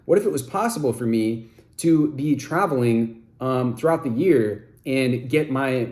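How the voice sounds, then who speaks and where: Energetic man coaching on affirmations. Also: mid-range voice. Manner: energetic, enthusiastic, repeats phrases. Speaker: self-help coach. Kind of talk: motivational talk to camera.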